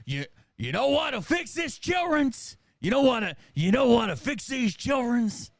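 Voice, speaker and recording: A man's voice: extremely high pitch, very animated, a little slow, gravelly, no echo, clean studio sound, voice pushed up, exaggerated voice. A man putting on the voice of a stern, folksy rural preacher who gives drawling commands.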